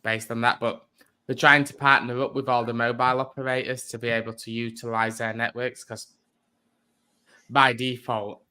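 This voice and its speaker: A man's voice: medium pitch, level tone, moderate pace, pushed and bright, clean tone. A man chatting as a livestream guest, explaining things at length with many hesitant fillers. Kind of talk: casual chat.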